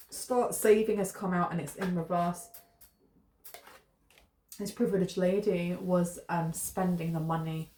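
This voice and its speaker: A woman's voice: fairly low pitch, fairly even intonation, a little slow, pauses often. A woman giving a musing spoken tarot reading and often repeating her points. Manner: musing, repeats herself, loosely hedged. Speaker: tarot reader. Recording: roomy echo, faint noise.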